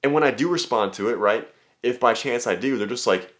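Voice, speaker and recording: A young man talking casually as a dating coach, brash and full of swearing, often slipping into high mocking voices. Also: a little fast, fairly bright tone. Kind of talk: casual talking-head monologue.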